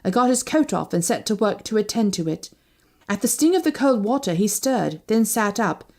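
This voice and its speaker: A woman reads a first-person novel aloud as an audiobook, narrating expressively at normal speed and shifting her pitch for each character.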